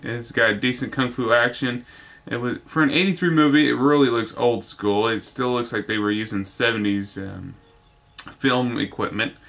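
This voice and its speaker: A man's voice: medium pitch, fairly bright tone. A young man casually reviewing an old kung fu DVD in a rambling, offhand way with exasperated asides. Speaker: movie reviewer.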